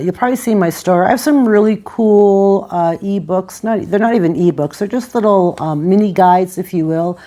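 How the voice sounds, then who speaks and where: Passionate rambling woman vlogger in her sixties. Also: on the low side. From Italian heritage. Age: 60s. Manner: passionate, rambling, warm and effusive. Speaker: lifestyle vlogger. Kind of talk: casual talk to camera.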